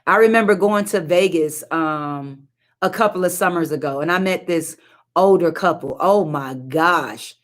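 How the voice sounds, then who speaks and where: A woman's voice: on the low side, a little slow. A middle-aged woman preaching a live-streamed sermon, emphatic and repetitive, with colloquial, sassy asides to her listeners. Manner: emphatic repetition and call-outs to the audience.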